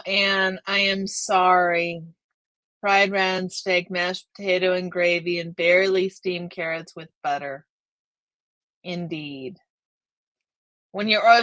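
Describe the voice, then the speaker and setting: Slow-talking chatty woman. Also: medium pitch, fairly bright tone, no room sound. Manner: chatty, reads viewer names aloud, drawls slowly. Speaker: livestream host. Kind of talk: casual live stream chat reading viewer comments.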